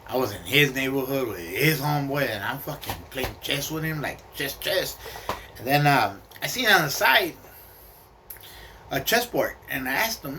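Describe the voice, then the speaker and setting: Man, casual streetwise storyteller, profane, sharp bright tone. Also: mid-range voice, expressive, moderate pace, slight background noise. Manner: streetwise, profane, slang-heavy, mixes in Spanish.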